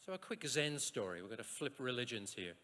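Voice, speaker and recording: Male scientist lecturing, rhetorical questions, animated delivery, bright voice, roomy hall echo. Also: medium pitch, brisk. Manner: lively and rhetorical, with asides and short jokes. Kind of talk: university lecture.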